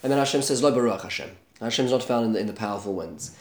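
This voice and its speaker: A man with a voice of ordinary pitch teaches a Bible lesson in a relaxed storytelling way. He drops Hebrew terms and verses into his English and briefly acts out the characters' lines. The recording has a noticeable room echo. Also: fast talker.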